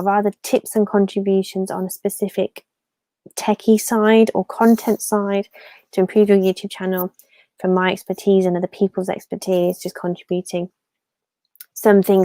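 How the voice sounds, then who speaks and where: A woman's voice: medium pitch, gravelly, warm tone, no room sound. A woman from the Fens in England with an English accent, hosting a live stream and chatting casually, rambling as she reads out viewer comments. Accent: English, Fenland.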